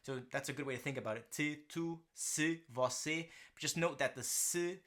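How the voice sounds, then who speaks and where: A man's voice: fairly high pitch, a bit bright. A man teaching a language lesson, explaining grammar and often checking in with "right?" and "okay". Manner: slows down to model pronunciation.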